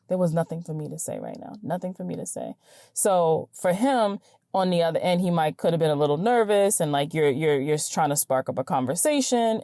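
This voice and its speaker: A woman hosting a podcast, telling a personal story in a chatty, animated way with lots of fillers and quick "right?" checks. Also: fairly low pitch, no echo, studio quality. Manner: animated, chatty, many fillers and tag questions. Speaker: podcast host. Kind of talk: casual storytelling.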